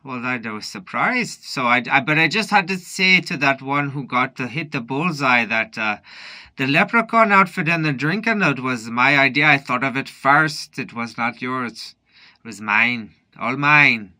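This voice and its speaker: A man's voice: medium pitch, lively intonation, pushed and bright. A drunk man rambling through a late-night monologue in a put-on Irish accent that drifts toward Newfoundland, full of restarts. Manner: rambling, halting, with many restarts. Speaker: vlogger.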